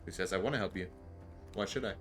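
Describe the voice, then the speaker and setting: A wary fae knight in a tabletop role-playing game, speaking low and quiet with short, guarded replies, as a man puts him on. His voice sits softly below the table chatter, with music behind. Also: quick pace.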